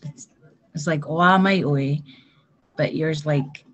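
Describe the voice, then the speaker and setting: Slow, hesitant adult coaching pronunciation. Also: mid-range voice, fairly bright tone, highs cut off. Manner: hesitant, slow, models words slowly. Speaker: helper correcting pronunciation. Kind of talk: casual coaching in a class.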